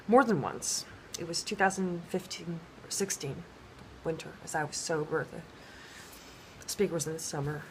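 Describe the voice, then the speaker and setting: A woman talking in a rambling personal monologue, halting with many restarts and fillers. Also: low-pitched, a little hiss or hum.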